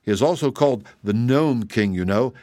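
A man voicing a dainty, reckless young female rainbow fairy in a high, pleading and imperious tone. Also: lively intonation, normal speed, dark tone, no echo, clean studio sound, lightly acted. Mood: bright. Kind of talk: storybook character voice.

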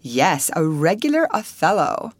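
A woman's voice: on the low side, sing-song, a little slow, husky, dry recording, exaggerated voice. A woman reading an audiobook voices a spirited young woman who is playful and earnest.

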